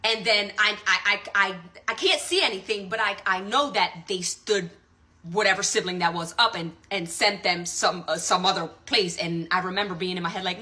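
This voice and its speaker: A woman's voice: mid-range voice, moderate pace, sharp tone. A woman telling an earnest, rambling story-time tale in casual chat, swearing freely. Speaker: social media storyteller.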